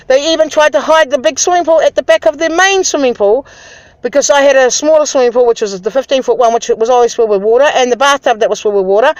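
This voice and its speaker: A woman's voice: fairly high pitch, no echo, poor audio. A woman venting to camera in an angry, aggrieved personal rant, swearing freely. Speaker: vlogger.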